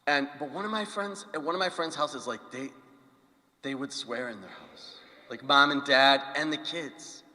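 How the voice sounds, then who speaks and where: A man's voice: medium pitch, moderate pace. A male priest giving a conversational homily, telling stories and asking the congregation questions. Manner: animated storytelling with questions to the congregation. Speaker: pastor. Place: church. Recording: long church reverb.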